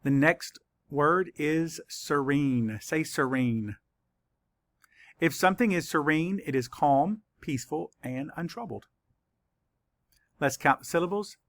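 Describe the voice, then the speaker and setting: A man teaching a spelling lesson to children, spelling words out letter by letter in a patient, deliberate way. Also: a little high, fairly bright tone, no echo.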